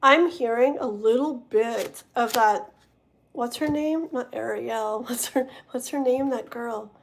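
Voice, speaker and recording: A woman's voice: a little high, takes it slowly, vocal fry, slight background noise. A woman doing a live-stream tarot reading, talking straight to the viewer, rambling and stumbling over her words. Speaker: tarot reader.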